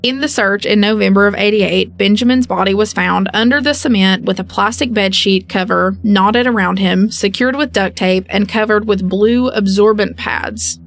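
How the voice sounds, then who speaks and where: A woman's voice: medium pitch, moderate pace, hardly any pauses. A woman co-hosting a podcast, reading case details and then slipping into joking asides. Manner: reads case details, then jokes and acts out people with playful asides. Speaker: podcast co-host. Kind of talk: casual true-crime podcast storytelling.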